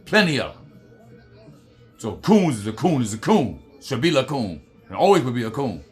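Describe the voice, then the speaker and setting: A man's voice: mid-range voice, sing-song, normal speed, soft background music. A man from the United States hosting a heated political commentary rant, swearing often and repeating "you know what I mean". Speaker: commentary host.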